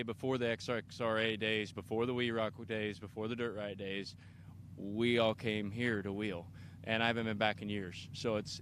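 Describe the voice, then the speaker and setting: Enthusiastic lower-voiced racer from Kansas. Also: male voice, a bit bright, slight background noise. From Kansas, USA. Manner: enthusiastic, rambling, many restarts. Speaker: off-road racer being interviewed. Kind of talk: casual interview answers. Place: outdoors at an off-road race park.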